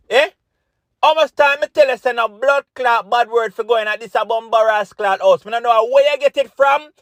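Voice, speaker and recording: A man plays a furious Jamaican father in a comedy skit, ranting in thick patois and cursing nonstop while he forbids bad words. The voice sits high for a man. The sound is dry and close. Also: a bit bright, dry recording. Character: short-fused Jamaican father who swears while banning swearing.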